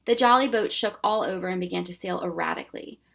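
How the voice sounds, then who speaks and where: A woman reading a children's novel aloud with steady, expressive storytelling. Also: lowish voice, fast talker, vocal fry. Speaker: storybook reader.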